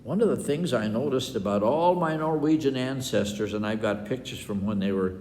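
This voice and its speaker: A man's voice: mid-range voice, moderate pace, darkish tone, a little hiss or hum. An older man from Wisconsin tells folksy stories for children, rambling along with chuckles and asides. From Wisconsin, USA. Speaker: storyteller. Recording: echoey room with long reverb.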